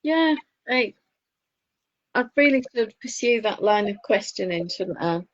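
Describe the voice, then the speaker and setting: A woman's voice: medium pitch, animated, measured pace, no room sound. A woman with a Northern English accent co-hosting a casual chat, opinionated and chatty with laughing asides. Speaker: podcast co-host. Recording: dull lo-fi dry sound.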